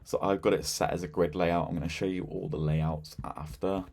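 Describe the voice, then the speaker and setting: A man giving a casual, chatty walkthrough of a software system, with lots of fillers and a relaxed, informal delivery. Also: sits low, moderate pace, vocal fry. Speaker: software demonstrator. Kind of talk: casual screen-share product walkthrough.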